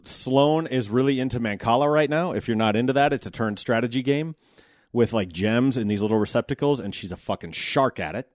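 A man's voice: mid-range voice, a little fast, darkish tone, no room sound, clean studio sound. A man in his thirties from the United States, a podcast host talking casually about his day in a loose, wry, profane way. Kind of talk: casual monologue.

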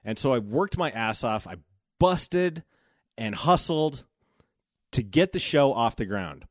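A man in his forties holds forth on his own podcast, candid and reflective, and he swears freely. His voice sits at an ordinary middle pitch. The recording is close and dry, with no room sound. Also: lively intonation, slow pace, no echo. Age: 40s. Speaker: podcast host. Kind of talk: solo podcast monologue.

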